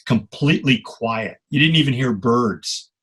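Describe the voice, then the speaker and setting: An older man, a photographer guest on a podcast, telling long animated anecdotes with some salty language. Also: mid-range voice, unhurried, husky. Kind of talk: storytelling interview.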